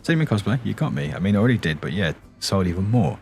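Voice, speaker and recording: Soft-spoken male streamer with a very low, deep morning voice, rambling chat at a home desk mic, faint music behind. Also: big pitch swings, very fast, vocal fry. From England. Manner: rambling, chatty, chuckles often.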